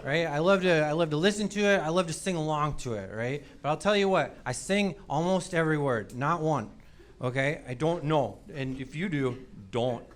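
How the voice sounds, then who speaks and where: A man's voice: on the high side, normal speed. A man in his forties performing a stand-up comedy set on stage, with a sheepish, self-mocking delivery and acted-out quotes. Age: 40s. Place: comedy stage before a live audience. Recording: live crowd laughter, loud background noise.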